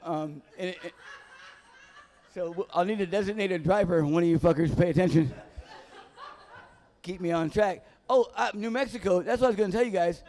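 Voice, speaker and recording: A man with a notably high voice performs stand-up in a dive bar comedy room. He rambles through profane, casual stories and keeps losing his place mid-thought. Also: normal speed, pauses often, darkish tone. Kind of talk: live stand-up set.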